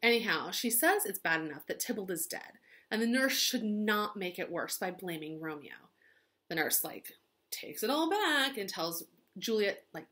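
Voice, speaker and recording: A woman's voice: mid-range voice, lively intonation, normal speed, fairly bright tone. Gossipy teacher doing valley-girl chatter. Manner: chatty gossip, lots of "like", dramatic quotes.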